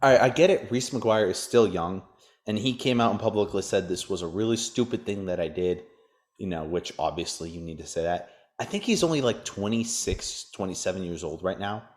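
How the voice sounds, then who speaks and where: A man hosts a casual sports podcast, launching into crude, joking rants. His voice is deep and brisk, with lively intonation.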